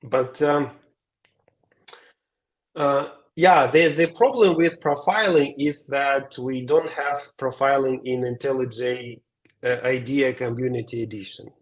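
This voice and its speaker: A man answering audience questions as a guest speaker at an online meetup. He speaks carefully and hesitantly, pausing on uhs and repeating words, over a video call. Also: mid-range voice.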